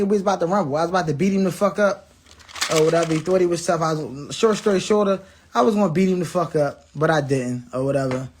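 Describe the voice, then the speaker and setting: Against slight background noise, a man with a high, darkish voice shares a personal story with viewers. He's profane and blunt, imitates people's dialogue, and often repeats himself or restarts words.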